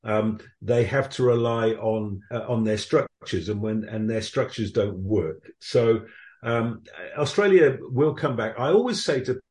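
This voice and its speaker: A man with a dark, mellow voice talks through rugby memories for a podcast interview. He rambles reflectively, with frequent ums and restarts. His voice carries a noticeable room echo. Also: on the low side, lively intonation, a little slow. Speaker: rugby correspondent.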